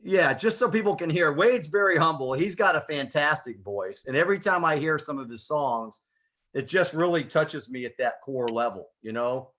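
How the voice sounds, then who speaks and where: A man's voice: on the high side, lively intonation, moderate pace, a bit bright. A male co-host asking questions in a casual interview, encouraging and full of praise for his guest, over a video call.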